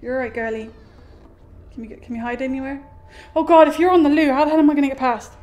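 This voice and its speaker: A woman streams a horror game as let's play commentary, jumpy and exclamatory, suddenly crying out and talking to both the characters and her viewers. Her voice sits high and is steady and somewhat dark in tone, and she talks fast.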